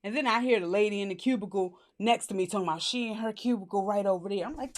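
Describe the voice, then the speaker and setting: A woman's voice: medium pitch, quick pace, hardly any pauses. A woman vlogger telling a personal story in a casual, goofy way, laughing often as she talks.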